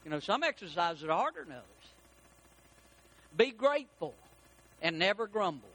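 A man preaching a sermon as pastor, animated and rising to shouts for emphasis. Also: sits high, normal speed.

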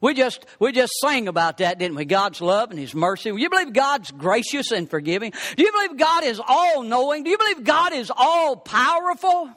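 A man preaching with a very high, bright voice that swings widely in pitch. He hammers words through repetition and climbs into shouts. A pastor giving a sermon. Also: sing-song, normal speed, few pauses. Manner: emphatic, repeating words for stress, rising to shouts.

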